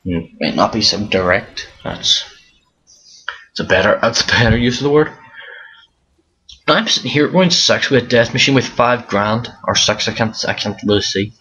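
A man's voice: on the low side, moderate pace, pushed and bright, breathy edge. A tired young man giving rambling casual commentary over a zombie game, often restarting his sentences. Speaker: gaming commentator. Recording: dull lo-fi mic with faint hiss.

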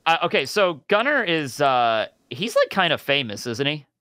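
An excitable man playing in a tabletop role-playing game, with a bright, fairly high voice. His pitch swings widely and he laughs in the middle of his sentences. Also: normal speed, smooth, dry recording. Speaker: player. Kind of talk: casual tabletop game chat.

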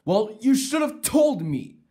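Performer doing a male cartoon pig king, bossy, dim-witted, whiny, slow, lively pitch. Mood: annoyed. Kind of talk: fan-made cartoon voice acting.

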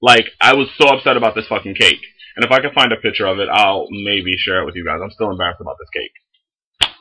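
A young man telling a story in a casual vlog, animated and full of swearing. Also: lowish voice, quick pace, slight background noise, low-quality recording. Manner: animated, heavy swearing, lots of fillers. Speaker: vlogger.

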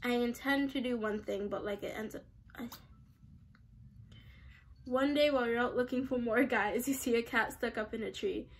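A woman's voice: on the high side, normal speed, pauses often. Giggly, chatty young woman gamer. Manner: chatty, giggly, exaggerated reactions. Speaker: gaming vlogger. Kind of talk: casual gameplay commentary.

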